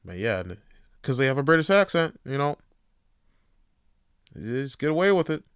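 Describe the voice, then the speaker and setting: A man hosting a podcast, talking casually and profanely, swinging from heated rants to quiet musing. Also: medium pitch, very animated, moderate pace, smooth, dry recording, studio quality. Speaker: podcast host. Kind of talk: casual monologue.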